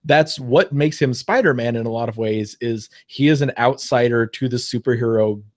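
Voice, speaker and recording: This medium-pitched man co-hosts a casual podcast, chatting about comics and films over a remote call. He speaks at a normal speed, thoughtful and hesitant, with plenty of fillers.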